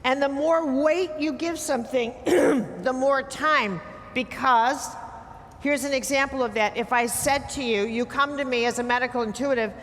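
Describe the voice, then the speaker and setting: A woman's voice: high voice, moderate pace, fairly bright tone, slight background noise. A woman giving a blunt, emphatic talk to a live audience, teasing her listeners as she lectures. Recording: hall reverb with faint ambience.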